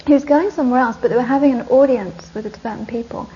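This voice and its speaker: A woman who is a Buddhist nun, telling stories in an animated, emphatic way and dropping almost to a whisper on reflective points. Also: fairly high pitch, fast. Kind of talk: storytelling talk. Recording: muffled lo-fi recording.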